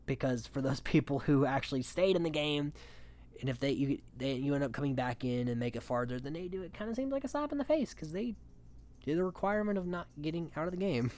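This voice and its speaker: Casual recap podcaster: mid-pitched, chatty, rambling, opinionated, filler-heavy. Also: darkish tone. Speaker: podcast host. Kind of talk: casual reality-show recap commentary.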